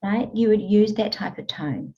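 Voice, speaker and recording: A woman coach telling stories in an interview, earnest and animated. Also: mid-range voice, normal speed, slight background noise. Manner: earnest, animated storytelling with frequent laughs. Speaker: guest, emotional eating coach. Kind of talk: conversational interview. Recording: dull lo-fi audio.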